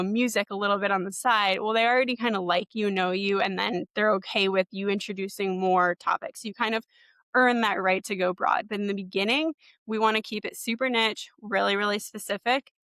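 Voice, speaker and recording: A woman's voice: mid-range voice, a bit bright, smooth, no room sound. A young adult woman hosting a webinar, teaching in a casual, encouraging way with many fillers. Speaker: podcast host and marketing coach.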